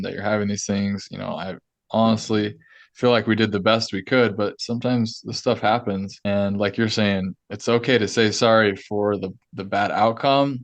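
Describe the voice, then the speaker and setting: A man's voice: lowish voice, no echo. A male oral surgeon hosting a podcast, speaking in an earnest, agreeable way. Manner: earnest, agreeable, quick affirmations. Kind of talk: conversational podcast interview.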